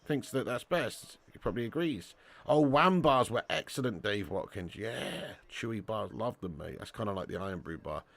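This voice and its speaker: Excitable, very animated male football streamer. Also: lowish voice, vocal fry. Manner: excitable, slangy, quick to indignant outbursts. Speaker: match watch-along host. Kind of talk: live football commentary and chat reading.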